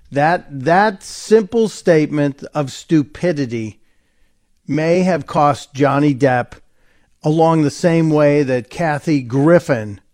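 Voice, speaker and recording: A man's voice: on the high side, darkish tone. A man hosting a talk radio show, giving an opinionated, sarcastic monologue and mocking the people he quotes.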